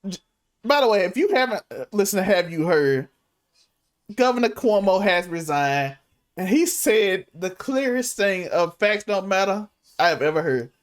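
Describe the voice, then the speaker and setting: A co-host chats casually on a podcast. The voice is lively and expressive, swinging widely up and down in pitch as they react. The pitch itself sits in the middle range. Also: moderate pace. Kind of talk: casual chat.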